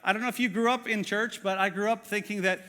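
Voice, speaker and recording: Guy pastor preaching to his church, kinda high voice, talks casual w lots of uhs, big echoey hall. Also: steady tone, fast, sharp tone. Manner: earnest, conversational, many "uh" fillers, asks the congregation questions. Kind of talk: sermon. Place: church auditorium.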